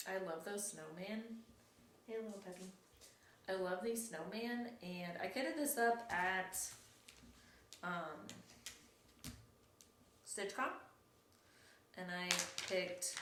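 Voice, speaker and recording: Chatty woman vlogging in an echoey room. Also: mid-range voice. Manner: chatty, rambling, self-correcting. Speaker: flosstube host. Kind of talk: casual show-and-tell vlog. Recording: echoey room with faint noise.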